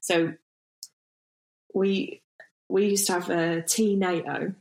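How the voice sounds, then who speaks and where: A woman's voice: on the low side, little pitch movement, slow pace, a little mellow, poor audio. A British woman co-hosting a podcast in casual chat, playful and teasing, often breaking into laughter. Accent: British English. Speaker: podcast co-host.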